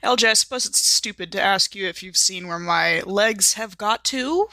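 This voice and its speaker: A woman's voice: medium pitch, normal speed, bright, forceful tone, no echo. A woman playing a prim, genteel woman doctor in a role-play, speaking politely and properly with hesitant ums.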